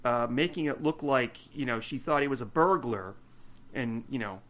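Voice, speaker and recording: Animated man teasing his co-host. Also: mid-range voice, normal speed. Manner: teasing, mock-stern, animated. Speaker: podcast co-host. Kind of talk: casual chat.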